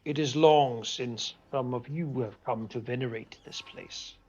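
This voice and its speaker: A man voicing an ancient, solemn wind guardian spirit with a gravelly voice, speaking slowly and breathily. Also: mid-range voice, a little mellow, highs cut off, close to an everyday voice.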